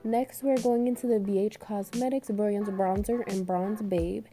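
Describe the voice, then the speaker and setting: Chatty young woman, mellow voice. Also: mid-range voice, steady tone, normal speed, soft background music. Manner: chatty, upbeat, addresses viewers as beauties and girl. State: getting over an illness, voice a bit harsh. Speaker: beauty vlogger. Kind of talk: makeup tutorial voice-over.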